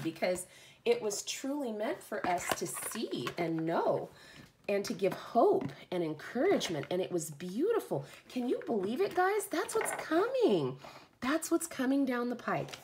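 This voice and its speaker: A woman hosting a live oracle card reading, slow and effusive, greeting viewers by name and offering spiritual encouragement. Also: medium pitch, slight background noise. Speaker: oracle card reader, livestream host.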